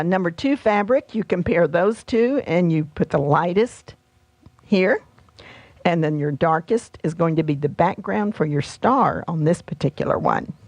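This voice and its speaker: A woman's voice: on the low side, a little mellow, no room sound. Chatty woman showing quilt patterns. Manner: chatty, homey, with fillers and asides. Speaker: quilt designer and shop host. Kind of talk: casual product walkthrough.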